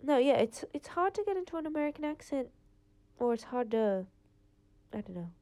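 A woman's voice: sits high, big pitch swings, a little fast, dark tone. A teenage girl, hosting her own podcast in a rambling, casual chat full of fillers. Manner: rambling, chatty, lots of "like" fillers. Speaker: podcast host. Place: home, late at night.

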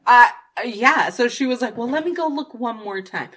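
Expressive young woman storyteller. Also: fairly high pitch, moderate pace. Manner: expressive, acts out quotes, laughs often. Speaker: podcast co-host. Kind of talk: casual storytelling chat.

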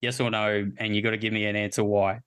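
A man hosting a casual conversation, relaxed and asking questions. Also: lowish voice, fast talker, clear, resonant tone. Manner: laid-back, laughs along and asks questions. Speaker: podcast host.

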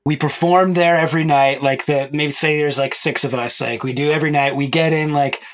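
A man's voice: a little high, steady tone, a little fast. A man hosting a podcast, chatting casually in a loose, rambling way with lots of fillers and restarts. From Chicago area. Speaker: podcast host.

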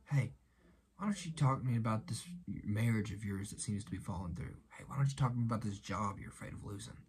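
A man voicing a gentle, consoling Jesus who speaks softly and repeats his comforting reassurances. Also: medium pitch, measured pace, natural voice. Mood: tender, hushed.

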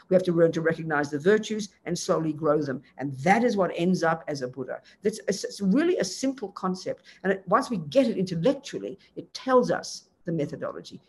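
A Buddhist teacher gives a dharma talk in a mid-range voice that is neither high nor low. The delivery is emphatic, piling up long lists and tossing in quick casual asides. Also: darkish tone, slightly rough.

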